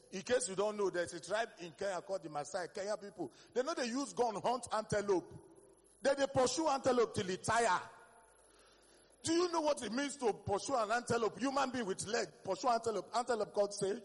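A high-pitched Nigerian man with a husky edge performs stand-up, spinning stories in Pidgin-laced English and breaking into loud shouts. His voice rings through a hall with a long, trailing reverb. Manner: animated storytelling with Pidgin English, bursts of shouting. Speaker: stand-up comedian. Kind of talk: stand-up comedy set.

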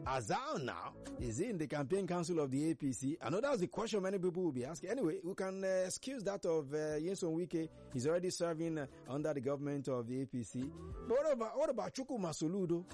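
Nigerian man, talk show host, animated pitch, chatty and laughing, faint music under. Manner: chatty, laughs while telling stories, mimics others. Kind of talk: casual commentary on current affairs.

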